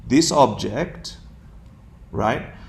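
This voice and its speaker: A man's voice: medium pitch, expressive, drawn-out words, gravelly. A man teaching a dharma class to a room of students, playful, laughing often and putting questions to them.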